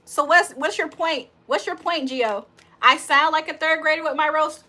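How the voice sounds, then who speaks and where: Woman livestream host, high and bright, roasts her chat, breaks into loud laughter. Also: measured pace. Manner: trash-talking, laughs loudly. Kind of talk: casual live chat.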